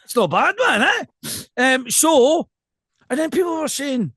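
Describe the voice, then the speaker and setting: A man with a West of Scotland accent, co-hosting a casual podcast chat in an animated, jokey way. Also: very high voice, slow pace, no room sound, clean studio sound. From Scotland, South Lanarkshire. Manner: animated, jokey, throws in mimicked voices. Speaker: podcast co-host.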